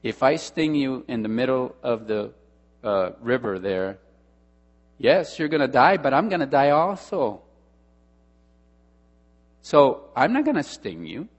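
Man doing a sly scorpion from a fable, coaxing, unhurried, echoing hall, electrical hum. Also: mid-range voice, sing-song, lo-fi sound. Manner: coaxing, persuasive. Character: sly scorpion pleading for a ride. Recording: long hall reverb with mains hum.

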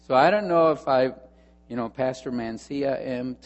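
A male pastor preaching a sermon, telling a story and moving between hushed asides and emphatic repeated phrases. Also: medium pitch, normal speed, big-room sound, highs cut off, soft background music.

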